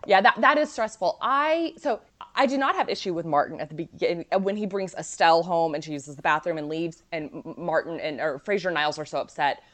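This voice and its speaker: A woman in her thirties co-hosting a podcast, chatting casually and animatedly. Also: fairly low pitch. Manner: animated, chatty, quick to laugh. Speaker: podcast co-host. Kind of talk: casual chat.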